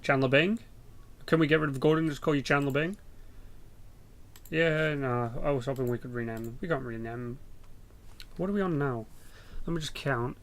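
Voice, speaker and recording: Sweary British man with a gravelly voice. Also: mid-range voice, normal speed, pauses often. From Britain. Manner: rambling, sweary, jokey. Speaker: gaming channel host. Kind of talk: casual game commentary.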